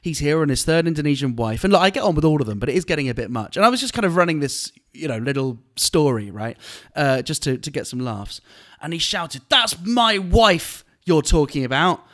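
Man, comedian, podcast chat, animated storytelling, breaks into laughs, slightly high pitch. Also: quick pace. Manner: animated, laughing while retelling an anecdote.

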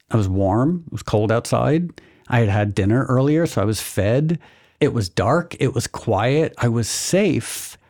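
A man hosting a podcast, calmly explaining things step by step in casual chat. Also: mid-range voice. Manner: calm, explanatory, walks through steps slowly. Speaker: podcast host.

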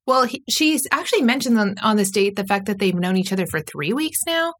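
A podcast co-host chats casually while recapping a show, using frequent "like" fillers and acting out quotes. Her voice is mid-range, animated, brisk, and a bit bright.

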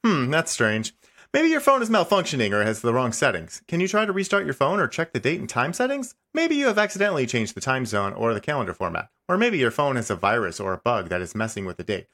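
A man reading the lines of a stubborn, passive-aggressive male AI chatbot in a comedy podcast, insisting he is right and tacking on a deadpan "smiley face". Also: mid-range voice, fast talker. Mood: insistent. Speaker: podcast host. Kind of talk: comedic dramatic reading of a chat log.

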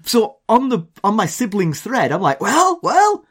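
English man, podcast co-host, lively pitch, storytelling, casual chat. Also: moderate pace, slightly rough. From England. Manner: animated storyteller, mimics accents in quotes.

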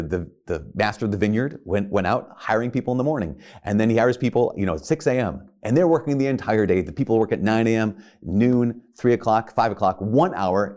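A man's voice: fairly low pitch, darkish tone. Earnest male preacher asking rhetorical questions. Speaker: priest. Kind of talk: sermon.

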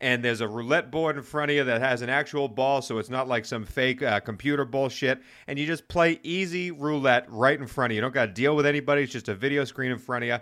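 A man with a bright, forceful voice tells a casual story on a betting podcast. He talks in an animated way, swears freely, and sometimes speeds up. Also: medium pitch. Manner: animated, swearing, fast-talking. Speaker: podcast host.

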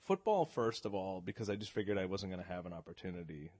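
Middle-aged man from the Boston area, low voice, dry close mic, animated casual storyteller. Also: fast, dry recording. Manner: animated storyteller, laughs often. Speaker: podcast guest. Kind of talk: casual podcast conversation.

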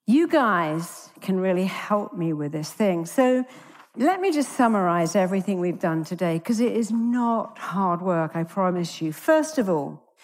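Lady therapist doing a motivational stage talk, lively storytelling, acts out the quotes, mid pitch, big hall reverb. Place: large conference stage. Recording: long reverb of a large hall.

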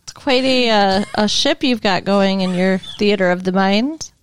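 A woman's voice: medium pitch, unhurried, smooth. Woman, podcast co-host, casual conversation, wry, chatty. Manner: conversational, wry, lots of fillers. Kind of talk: casual chat recapping a TV episode.

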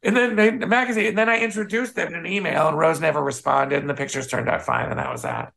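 A man's voice: a little high, fast talker, vocal fry. A man from the Midwest, a photographer and author, telling stories casually as an interview guest and acting out the people he quotes. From Midwest United States. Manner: animated anecdote teller, acts out quoted voices.

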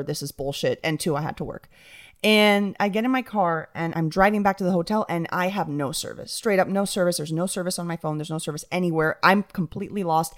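A young woman co-hosting a casual chat, telling an anecdote in an animated way and acting out quotes. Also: lowish voice. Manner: animated, acts out quotes in voices. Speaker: podcast co-host.

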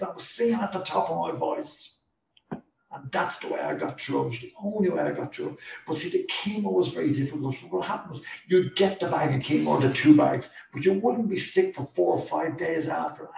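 An older Irish man recounts his experience earnestly and with strong feeling, his voice heavily gravelly and a touch high. He sits some distance from the mic, so the room rings around him. A faint ambient hum runs underneath. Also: a little mellow, roomy sound. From Ireland. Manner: emotional, earnest, repeating phrases for emphasis. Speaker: guest. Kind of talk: personal storytelling in an interview.

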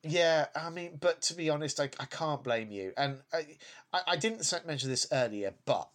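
A man's voice: fairly high pitch, expressive, normal speed, a bit bright. A man co-hosting a podcast in casual chat, hesitant, often stumbling over and repeating his words. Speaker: podcast co-host.

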